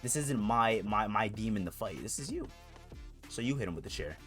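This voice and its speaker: A man's voice: on the low side, lively intonation, moderate pace, fairly bright tone, soft background music, pitched below the performer's own voice. A man mimicking a bossy wrestling champ. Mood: commanding. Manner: bossy, ordering others around. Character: commanding male wrestling champion, domineering.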